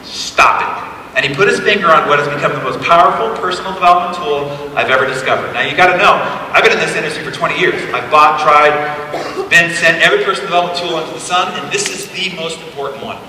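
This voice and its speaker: A man in his forties giving a motivational keynote, telling stories in an animated, conversational way with emphatic asides. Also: fairly high pitch, fast, slight background noise. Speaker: keynote speaker. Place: large event hall, live on stage. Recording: echoey hall taped from far off.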